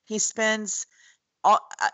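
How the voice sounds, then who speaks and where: A woman's voice: medium pitch, slow pace, pushed and bright, no room sound, low-quality recording. A woman co-hosting a podcast, chatting bluntly and retelling a TV show with lots of asides. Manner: blunt, chatty, retells scenes with quoted voices. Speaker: podcast co-host. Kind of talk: casual chat recapping a TV show.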